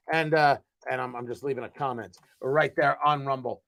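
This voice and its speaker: Male host, casual stream talk, high pitched and animated, punchy and emphatic. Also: moderate pace, few pauses. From US East Coast. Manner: animated, emphatic, repeats words. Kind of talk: casual live-stream chat.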